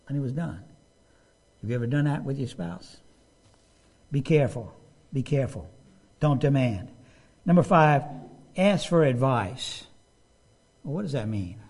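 A man's voice: medium pitch, animated, normal speed, pauses often, a little mellow, breathy edge. A middle-aged man preaching a sermon, talking conversationally and putting questions to his listeners. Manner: conversational, asks the congregation questions.

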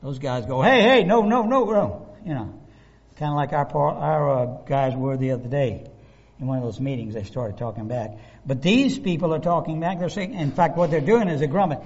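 A man preaching a sermon, animated and conversational, acting out the voices of the people he describes. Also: medium pitch, a little fast, slightly rough. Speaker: pastor. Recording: dull lo-fi recording.

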